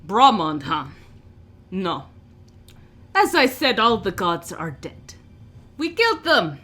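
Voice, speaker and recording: A woman voicing a bitter, vengeful male orc captive who speaks loudly and angrily. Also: fairly high pitch, very animated, a little slow, voice pushed up, full character voice. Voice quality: loud and angry.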